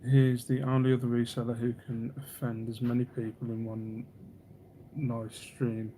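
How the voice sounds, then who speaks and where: A man's voice: mid-range voice, completely flat delivery, unhurried, warm tone. A man hosts a casual live stream in a middle-range voice. He rambles from one thought to the next, teases his viewers and reads their comments aloud. There is faint background noise. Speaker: livestream host.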